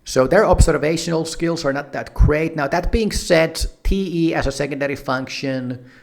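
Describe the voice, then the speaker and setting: A man's voice: on the high side, vocal fry. A man talking in a casual, rambling monologue, swearing freely and restarting his sentences often. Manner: rambling, profane, many restarts and fillers. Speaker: YouTube personality-type commentator.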